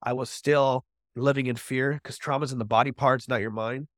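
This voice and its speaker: A man as a podcast guest, telling his personal recovery story with animated storytelling and acting out his own quoted speech. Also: mid-range voice, normal speed, dry recording, studio quality.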